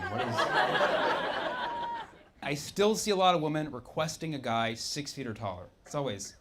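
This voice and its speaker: A man's voice: a little high, lively intonation, normal speed, pauses often, heavy background noise. A man performing a stand-up comedy routine with playful crowd work and exaggerated bits. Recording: live show with loud audience laughter.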